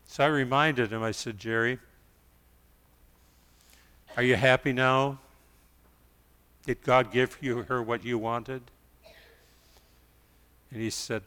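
A middle-aged male pastor preaching a sermon, telling stories quietly and then rising to loud pleas. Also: medium pitch, fairly even intonation, unhurried, long pauses, long reverb tail.

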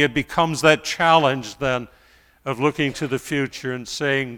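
A middle-aged male pastor preaching a sermon, telling stories quietly and then rising to loud pleas. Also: medium pitch, fairly even intonation, a little slow, smooth, long reverb tail.

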